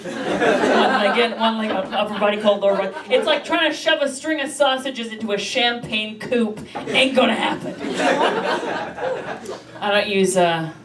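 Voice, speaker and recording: Woman, stand-up comic, brash, self-mocking, swears a lot, roomy echoing club. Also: medium pitch. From Canada. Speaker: stand-up comedian. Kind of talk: stand-up comedy set. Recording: echoey room from far off, loud noise.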